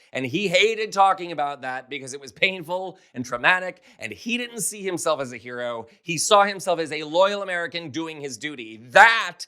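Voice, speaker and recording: Impassioned male political commentator, forceful voice. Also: on the high side, clear, resonant tone. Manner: impassioned, indignant. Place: home with a mantle.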